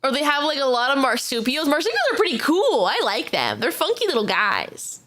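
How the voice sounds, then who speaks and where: A young woman on a live stream, talking in a high, bright voice that leaps all over the place. She is excitable, laughs often and swears casually while reacting to clips. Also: fairly quick. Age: young adult.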